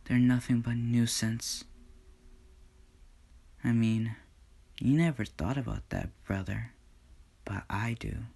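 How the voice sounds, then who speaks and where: A man voicing a cruel, mocking female dark entity in a fan story, speaking in a taunting, sneering way. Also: medium pitch, expressive, takes it slowly, vocal fry, pauses often, husky, exaggerated voice.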